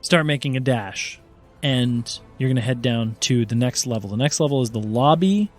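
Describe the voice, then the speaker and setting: A man's voice: mid-range voice, normal speed, faint music behind. A man running a tabletop game as game master, narrating playfully and laughing easily.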